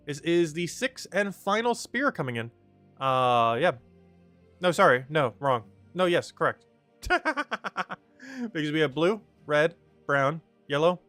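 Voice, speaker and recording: Guy livestreaming a game, bouncy voice, lots of uhs and laughing, soft music under it. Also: a little high, dry recording. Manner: rambling, laughs often, many fillers. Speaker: streamer. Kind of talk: casual game livestream commentary.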